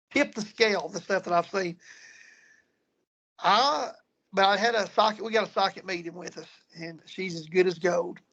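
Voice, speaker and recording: A man's voice: high voice, bright, forceful tone, muffled recording. A man telling ghost-hunting stories in casual talk, rambling and repeating himself as he goes. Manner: rambling, repeats words and restarts. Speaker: guest paranormal investigator. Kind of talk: casual storytelling.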